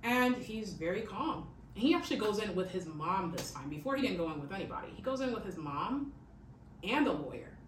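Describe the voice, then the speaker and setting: A woman hosting a podcast recounts a true-crime story in a chatty way, her mid-range voice sing-song and brisk, full of "like" and "okay?". An echoey room, distant mic, and faint hiss mark the recording.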